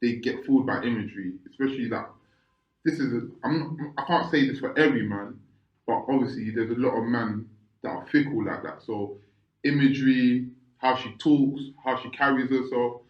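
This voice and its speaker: In an echoey room with somewhat muffled sound, a man co-hosting a podcast chats casually at a moderate pace in a medium-pitched voice. He rambles, keeps restarting his sentences, and checks whether listeners understand.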